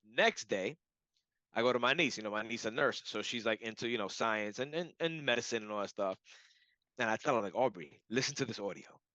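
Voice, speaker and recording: A man telling a personal story in a casual, animated way, full of "like" and "you know". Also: medium pitch, a little fast, no room sound. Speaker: client giving a testimonial. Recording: dull lo-fi audio.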